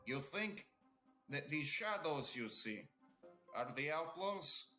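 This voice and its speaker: A man voicing a big, lumbering trunked brute who talks bluntly in broken, gruff sentences. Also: a little high, expressive, takes it slowly, bright, forceful tone, faint music behind, heavily acted. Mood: grumbling.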